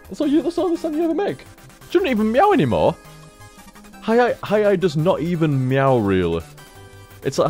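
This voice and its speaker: A man's voice: sits high, huge pitch swings, fast, a little mellow, faint music behind. A young man streaming from home into a desk microphone, rambling casually, swearing freely and chatting to his cat. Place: home room. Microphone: studio microphone on a desk stand.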